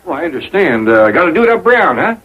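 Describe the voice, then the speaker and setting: A calm old country patriarch with a folksy drawl that rises and falls a lot. The sound is thin and boxy like an old broadcast, with audience laughter behind him. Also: male voice, a little high, fast, muffled recording, background noise. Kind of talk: 1960s sitcom acting.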